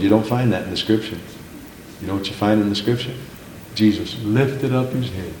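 A man's voice: fairly low pitch, fairly quick, darkish tone, echoey room, slight background noise, poor audio. A man preaching a sermon, telling a folksy story and then reading scripture aloud, building to fervent emphasis on key lines.

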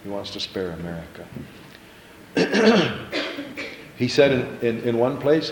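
A man delivering a passionate sermon from the pulpit, his voice of middling pitch. He repeats key phrases and stammers through restarts as his intensity rises. The sound is roomy with church echo, and a faint room hum sits underneath. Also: big pitch swings, slow, long pauses. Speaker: pastor.

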